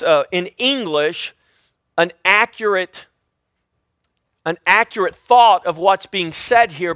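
A man teaching the Bible in a sermon, with a loud, emphatic delivery and frequent restarts. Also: high-pitched, no echo, clean studio sound.

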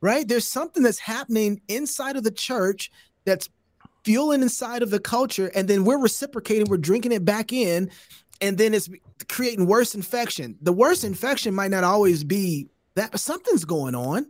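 Lively, fast-laughing man hosting a chat. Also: high-pitched, no echo, studio quality. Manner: animated, laughs often, restarts sentences. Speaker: podcast host. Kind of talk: casual chat.

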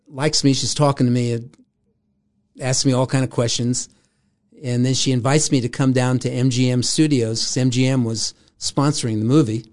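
A man's voice: medium pitch, darkish tone. An older man, a guest in an interview, telling a long story in casual talk with frequent laughs. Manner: rambling, laughs often, acts out quoted voices.

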